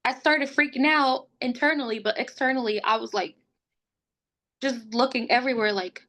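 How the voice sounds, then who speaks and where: At normal speed and with a fairly high pitch, this young woman recounts a personal story as a podcast guest. Her telling is casual and animated, and she voices what others said.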